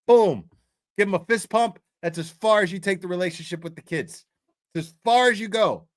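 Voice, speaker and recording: A man's voice: high-pitched, normal speed, dry recording, studio quality. A man hosting a commentary show, delivering a crude, profane rant with emphatic repetition. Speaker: commentary host.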